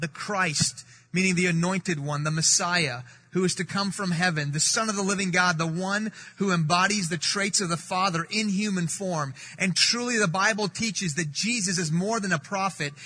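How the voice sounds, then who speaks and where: A man from the Middle East preaching a sermon to a congregation. He speaks emphatically, repeats key phrases and slows down to read scripture. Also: high voice, bright, forceful tone, slightly rough. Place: church sanctuary. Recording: reverberant hall.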